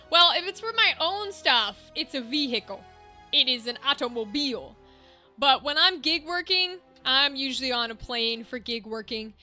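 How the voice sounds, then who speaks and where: A woman streaming a game, chatting casually and thinking out loud as she sorts out gear. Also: sits high. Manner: chatty, thinks aloud, easily amused. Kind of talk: casual gameplay chat. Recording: game music underneath.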